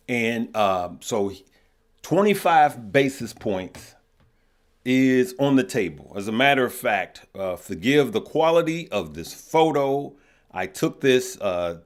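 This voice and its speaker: A man from Chicago hosting a casual stock market livestream, chatty and repetitive, greeting viewers as he talks. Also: fairly low pitch. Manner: chatty, repeats himself, greets viewers mid-thought.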